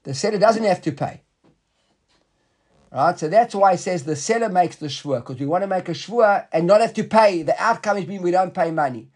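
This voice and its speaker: A man's voice: high-pitched, moderate pace, darkish tone. A man teaching a Talmud class in a conversational way, often repeating words and asking the students questions.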